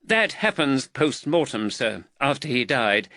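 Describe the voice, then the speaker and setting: A jittery young student reciting anatomy to his stern teacher, as a man voices him. The bright, lively voice sits close and dry. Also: medium pitch, measured pace, dry recording, pitched above the performer's own voice, heavily acted. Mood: earnest. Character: nervous young male medical student.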